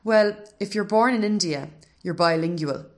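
Woman doing a hushed, nervous ten-year-old boy. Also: medium pitch, moderate pace, voice pushed up, natural voice. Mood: nervous threats. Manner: whispering, stammering, threatening.

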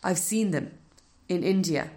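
A woman voicing a ten-year-old boy who whispers hoarsely, stammers and threatens nervously. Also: lowish voice, a little slow, dark tone, slight background noise, close to an everyday voice. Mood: nervous threats.

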